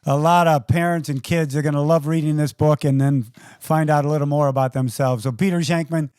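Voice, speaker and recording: A man's voice: on the high side, steady tone, fairly quick, darkish tone, clear, resonant tone, no echo, studio quality. A man hosting a podcast interview, asking his questions in a conversational, leisurely manner. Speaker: podcast host.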